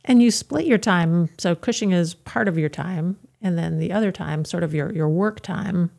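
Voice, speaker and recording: A woman interviewer keeps her questions short and to the point to prompt her guest. Her voice is gravelly and mellow, pitched a little low. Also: normal speed.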